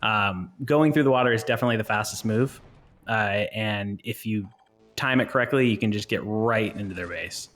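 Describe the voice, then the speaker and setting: A man's voice: on the low side, normal speed, a bit bright. A man co-hosting a live stream and commentating a competitive video game match, joking and laughing often between play-by-play.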